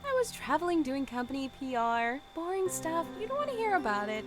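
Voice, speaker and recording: A flustered, sing-song aunt voiced by a man in falsetto, high and soft, brushing things off. Music sits behind her voice. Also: big pitch swings, brisk. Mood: evasive.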